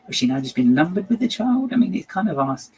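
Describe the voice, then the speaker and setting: A man's voice: a little high, big pitch swings, fast, darkish tone, slight background noise, low-quality recording. A man chatting casually while he builds, giving rambling, hesitant and wry opinions as the host.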